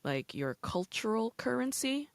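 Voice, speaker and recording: A woman's voice: on the high side, very animated, a little slow, vocal fry, dry recording. A woman hosting a podcast in casual chat, candid and profane, with many fillers. She is a PhD student. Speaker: podcast host.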